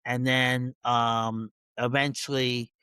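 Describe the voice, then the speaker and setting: A man with a New York accent chats as a guest, mid-range in pitch. He rambles and restarts and laughs easily. The sound is dry and close. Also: level tone, slow pace, sharp tone, clean tone, no room sound. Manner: laughing, rambling, self-interrupting. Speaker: dog trainer, guest. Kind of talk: casual interview chat.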